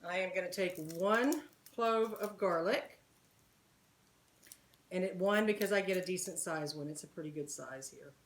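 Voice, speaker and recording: A woman's voice: on the low side, moderate pace, long pauses. A woman hosting a home cooking video, chatting casually to her viewers as she walks them through a recipe. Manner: chatty, talks straight to viewers as "guys" and "y'all". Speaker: home cooking channel host. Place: home kitchen. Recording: roomy echoey kitchen.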